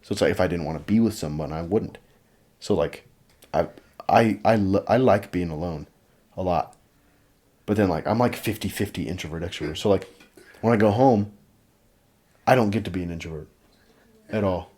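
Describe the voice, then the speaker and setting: A man's voice: low-pitched, moderate pace, long pauses, darkish tone. A young man hosting a podcast, chatting casually and rambling with lots of fillers. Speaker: podcast host. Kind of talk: casual chat.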